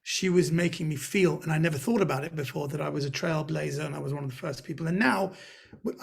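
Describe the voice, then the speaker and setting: A man with a London accent telling stories in a webinar interview, lively and acting out the people he quotes. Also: a little high, vocal fry, breathy edge. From Britain. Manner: animated storyteller, acts out quoted voices. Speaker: guest comedian. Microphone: video call.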